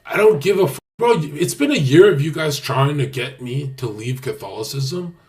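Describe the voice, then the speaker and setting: A young man livestreaming, talking brashly and boastfully with lots of swearing, dropping to mutters and then bursting out loud. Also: fairly high pitch, expressive, moderate pace. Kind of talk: casual stream talk.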